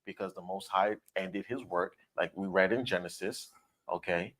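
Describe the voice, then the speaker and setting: A fairly low-pitched man teaching scripture on a livestream. He talks emphatically, driving home each point and checking in with "all right?" and "okay?" as he goes. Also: moderate pace, a bit bright. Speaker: Bible study teacher.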